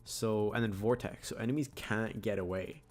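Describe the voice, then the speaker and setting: A man with a fairly low voice talks his way through a video game run in loose, casual commentary. He drifts into rambling, jokey asides between remarks on the game, and faint game music plays behind him. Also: steady tone, normal speed. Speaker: gaming YouTuber.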